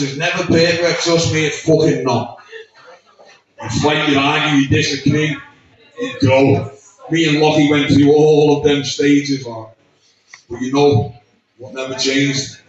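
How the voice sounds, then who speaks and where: Choked-up man, echoey room. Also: a little high. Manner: choked up, halting, swears often. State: emotional, close to tears. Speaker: speaker at a memorial birthday gathering. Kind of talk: emotional tribute speech read aloud. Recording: echoey room, distant mic, dull sound.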